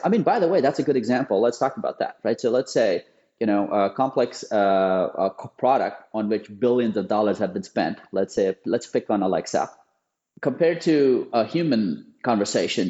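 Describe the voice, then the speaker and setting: A man's voice: on the low side, darkish tone, dull audio. A man guesting on a podcast, explaining his field emphatically with frequent restarts and repeated words. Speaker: guest, voice AI company founder. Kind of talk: podcast interview.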